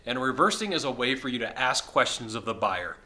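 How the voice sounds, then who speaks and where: Bright-voiced, slightly hoarse man vlogging. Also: mid-range voice, fairly quick. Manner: energetic, chatty, upbeat. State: losing his voice, a bit hoarse. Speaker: sales consultant. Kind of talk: casual video talk to camera. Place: hotel suite.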